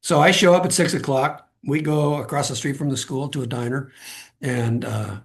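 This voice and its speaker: A man's voice: mid-range voice, normal speed. A man from Southern California, a podcast guest telling earnest, rambling personal stories full of asides. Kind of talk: personal storytelling.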